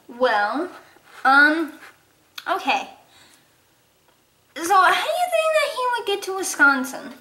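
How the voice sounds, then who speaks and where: A woman with a high, bright voice plays out a toy-horse story, taking every part herself in an unhurried, playful way. She shifts between character voices and giggles along the way. The sound bounces around an echoey room, with a faint hiss underneath. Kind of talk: improvised toy-horse role-play.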